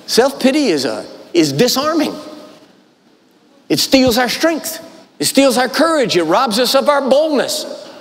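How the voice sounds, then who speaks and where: A man preaching a sermon, telling the story dramatically, voicing its characters, and repeating lines for emphasis. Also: high voice. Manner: emphatic repetition. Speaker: guest preacher. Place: large church auditorium. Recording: long hall reverb.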